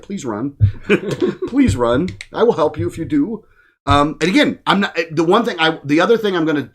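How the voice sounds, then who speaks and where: A man rants bluntly as a podcast guest, swearing freely in loose casual talk. His voice sits a little high for a man. He was recorded in a studio. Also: fairly bright tone. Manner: profane, blunt ranting. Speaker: guest, political activist.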